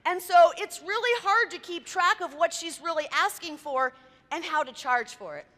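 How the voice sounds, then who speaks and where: Female speaker, high and bright, chatty talk to a meeting crowd, hall reverb. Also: lively intonation, moderate pace. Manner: chatty, quizzes the audience, tells anecdotes. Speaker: event planner giving a talk. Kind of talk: lively presentation to a live audience. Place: meeting room with audience.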